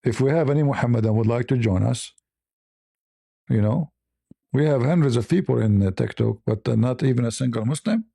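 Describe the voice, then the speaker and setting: Gravelly, dark-voiced male livestream host. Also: medium pitch, no room sound, clean studio sound. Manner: mocking, provocative, drawn-out emphasis. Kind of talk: casual livestream chat.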